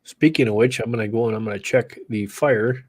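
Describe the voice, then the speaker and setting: A man's voice: mid-range voice, brisk, a little mellow. An easygoing man hosts a casual livestream from a rural homestead. He chats with viewers and patiently explains how to join. His voice is close and dry, with no room echo. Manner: easygoing, talks viewers through joining the stream.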